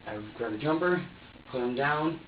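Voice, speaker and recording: A man's voice: mid-range voice, expressive, moderate pace, far from the mic. A man recounting events under police questioning, rambling and repeating himself as he acts out his own words. He sits well back from the microphone in a reverberant interrogation room. The recording is dull and muffled, with a faint hiss underneath. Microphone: room surveillance microphone.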